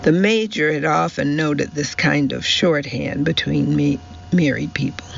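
A man reads a novel aloud slowly and steadily, his voice gravelly and a little higher than most men's. The recording is slightly dull and muffled, with faint hiss underneath. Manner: measured, even storytelling. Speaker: audiobook narrator. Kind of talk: scripted narration.

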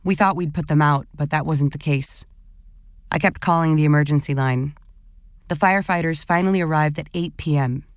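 A woman actor calmly reading a first-person story as scripted narration. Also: low-pitched, normal speed, smooth, no echo, studio quality.

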